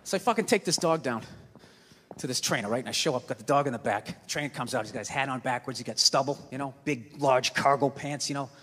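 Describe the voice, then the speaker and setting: A man performing a stand-up comedy routine, ranting in exasperation and shouting his punchlines. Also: mid-range voice, fast, breathy edge. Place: comedy theater stage. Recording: live hall reverb, crowd laughter and noise.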